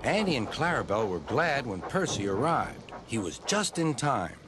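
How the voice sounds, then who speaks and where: A man narrating a children's story in an expressive storybook manner. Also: medium pitch, moderate pace, background noise. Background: music.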